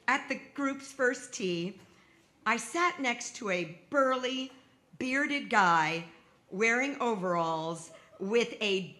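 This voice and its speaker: A woman's voice: fairly high pitch, sharp tone. A woman in her sixties telling a true personal story on stage, with wry comic timing and emphatic punchlines.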